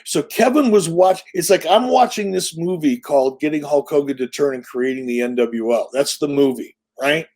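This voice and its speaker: A middle-aged man tells a story in a casual interview, with a voice pitched a little high. He talks in an animated, profane, salesman-like way, full of confidence. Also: normal speed, hardly any pauses. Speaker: interview guest.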